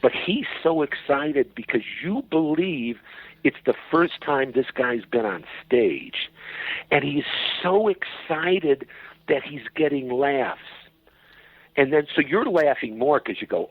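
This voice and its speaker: A man telling an anecdote as a podcast guest, animated and profane and acting out voices. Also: medium pitch, slow pace, slightly rough, no echo. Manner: animated, profane storyteller who acts out voices. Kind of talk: storytelling anecdote. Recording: dull, dry lo-fi.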